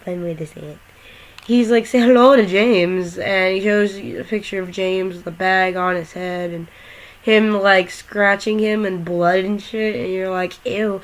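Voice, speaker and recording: A woman's voice: mid-range voice, fairly even intonation, unhurried, low-quality recording. A young woman chatting casually and swearing freely as she walks through a game, talking from her bedroom while lying down. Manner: rambling, swearing, jokey. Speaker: gaming vlogger.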